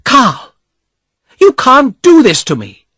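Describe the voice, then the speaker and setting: A man voicing a frightened young woman in a storybook reading, pleading in a high tone. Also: huge pitch swings, slow pace, fairly bright tone, slightly rough, dry recording, clean studio sound, heavily acted. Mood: angry.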